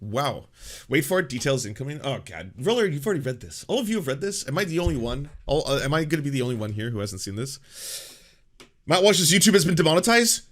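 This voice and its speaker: Excitable, profane man streaming commentary. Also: a little high, fast. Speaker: streamer host.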